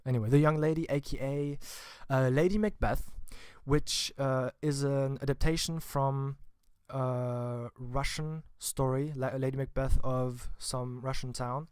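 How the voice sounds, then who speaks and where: A man's voice: mid-range voice, fairly even intonation, a little slow, hardly any pauses, a little mellow, smooth, no echo. Chatty man reviewing films, dry sound. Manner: chatty and informal, with wry asides. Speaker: film vlogger. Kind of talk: casual spoken film review.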